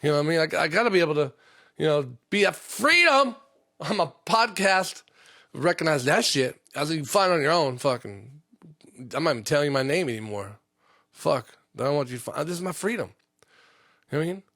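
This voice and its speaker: A man's voice: fairly high pitch, expressive, brisk, a bit bright, no room sound, studio quality. A man who works a union trade, hosting a podcast in a loose, rambling monologue full of swearing and fillers. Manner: profane, lots of fillers.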